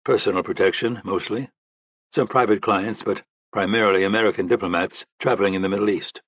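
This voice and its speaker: A man's voice: fairly low pitch, steady tone, brisk, fairly bright tone, husky, no echo, dull audio. A man voicing a guarded, wry ex-soldier who gives light, clipped answers.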